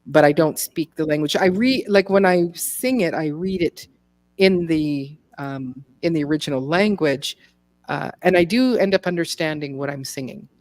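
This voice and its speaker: A woman's voice: deep voice, moderate pace, darkish tone, no room sound. A woman, a singer, telling stories and laughing in a casual live chat. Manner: chatty, laughing storyteller. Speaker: singer and co-host.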